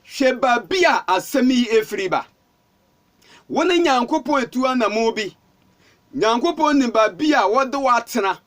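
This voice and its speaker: A man with a Ghanaian accent preaching with fervour. His voice sits very high and swings widely up and down as he repeats himself and calls out. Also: expressive, unhurried, fairly bright tone. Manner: fervent, repetitive calling out. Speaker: pastor. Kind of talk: sermon.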